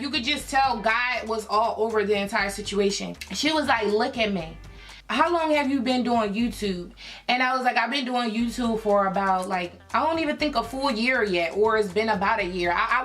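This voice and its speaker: A young woman from Philadelphia, a beauty YouTuber, telling an excited storytime to her viewers in a chatty way with many fillers. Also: fairly high pitch. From Philadelphia, USA. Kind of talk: storytime vlog, casual chat to viewers.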